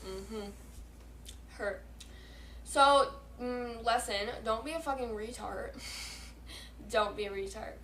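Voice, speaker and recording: A teenage girl tells a story to her vlog audience with a high, bright voice, swearing constantly and piling up fillers as she rambles. She sounds excitable and chatty. Her voice bounces around an echoey room at home. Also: slow, long pauses, slight background noise. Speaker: vlogger.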